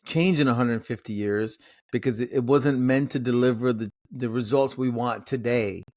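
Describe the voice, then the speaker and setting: Podcast host guy, thinks out loud while asking, dry close sound. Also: mid-range voice, steady tone, normal speed, dry recording. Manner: thoughtful, searching for words when asking questions. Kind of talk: casual podcast conversation.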